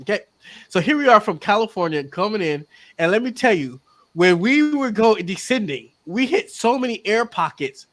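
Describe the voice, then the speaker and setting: A woman's voice: mid-range voice, moderate pace. A woman podcast guest who tells a story with energy, acting out the voices of the people in it. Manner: acts out quotes, lively and exclamatory. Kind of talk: animated storytelling.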